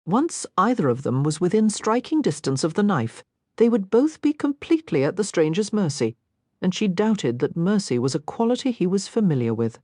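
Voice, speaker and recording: A woman narrating an audiobook in a scripted, expressive reading on a close mic. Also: fairly low pitch, moderate pace, no room sound.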